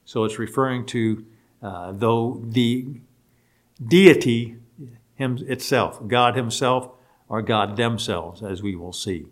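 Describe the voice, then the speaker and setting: A man giving a Bible study lecture at an unhurried, measured pace, in a voice of ordinary middle pitch. He spells out Greek words letter by letter and leans on key phrases, then lets the ends of his sentences fall away softly. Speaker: Bible teacher.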